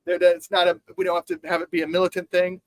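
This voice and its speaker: A man co-hosting a casual chat show, animated and sarcastic, swearing freely. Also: high voice, quick pace, dry recording, rough recording. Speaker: podcast co-host.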